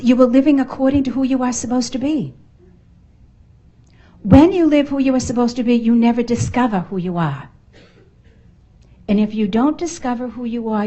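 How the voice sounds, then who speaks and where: In the function room of a networking event, a middle-aged woman from the United States with a Boston accent delivers an emphatic, playful motivational talk to a live crowd. Her fairly high voice has a dark tone, and the audio is dull.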